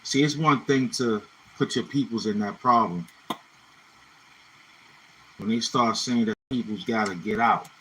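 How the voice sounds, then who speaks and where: A man's voice: fairly low pitch, measured pace, pauses often, bright, forceful tone, slight background noise, low-quality recording. A man from Brooklyn, hosting a casual livestream and chatting loosely between freestyle rhymes, tagging his lines with "you know what I'm saying.". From Brooklyn, New York City. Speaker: livestream host.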